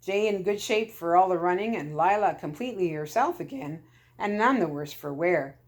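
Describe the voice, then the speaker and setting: A woman storyteller reading a children's chapter book aloud, calm and steady. Her voice sits on the low side for a woman, even and unhurried.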